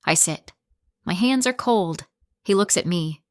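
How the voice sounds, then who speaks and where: A woman narrating a simple graded-reader story in short, clear, deliberate sentences. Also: fairly low pitch, animated, no echo, studio quality.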